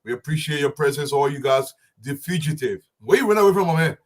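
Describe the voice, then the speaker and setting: A man's voice: fairly high pitch, animated, quick pace. A man co-hosting a live talk show, calling out viewers' names with casual friendly slang. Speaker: show co-host.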